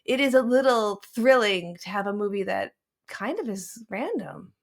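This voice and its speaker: A chatty, animated woman in her thirties hosts a casual film podcast. She talks in a mid-range voice and laughs easily, moving loosely from thought to thought. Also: mid-range voice, normal speed, creaky. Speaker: podcast host.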